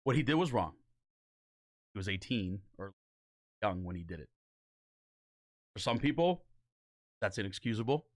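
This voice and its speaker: Animated young man chatting on a podcast. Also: lowish voice, moderate pace, pauses often. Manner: animated, swearing, breaks into mock voices. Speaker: podcast co-host. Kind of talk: casual podcast chat.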